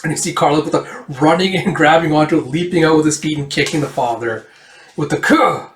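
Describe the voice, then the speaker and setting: A man's voice: fairly high pitch, fairly quick. Rambling man reading a comic aloud. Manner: rambling, many fillers, acts out dialogue. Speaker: manga reader. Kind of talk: casual read-through of a comic. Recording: echoey room, distant mic.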